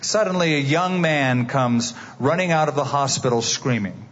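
A man's voice: mid-range voice, moderate pace, a bit bright. A man preaching a sermon as a dramatic story, asking his listeners direct questions. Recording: dull, reverberant hall.

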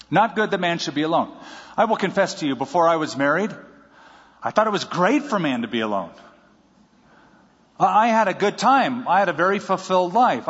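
A pastor delivers his sermon in a fairly high, husky voice, and he tells it in a lively way with a good deal of humor. The recording sounds dull and muffled, and a long reverb rings around him as if he stands in a large hall. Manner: lively storytelling with jokes.

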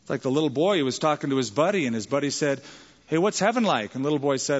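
A man's voice: on the high side, animated, fast talker. A male pastor preaching a sermon in a conversational way, acting out the people he quotes. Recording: dull sound with long church reverb.

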